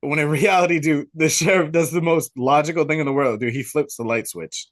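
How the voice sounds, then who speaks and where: A young man hosting a podcast, retelling a movie plot in casual, excitable, slangy chat. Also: on the high side, a little fast. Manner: excitable storyteller, slangy, says dude a lot. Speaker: podcast host.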